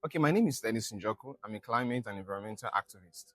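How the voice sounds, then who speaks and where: A man climate activist gives a halting interview answer, pausing often to find his words. His voice sits at a middle pitch. The recording is dry and close. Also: animated, no echo, soft background music. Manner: halting, many ums and restarts.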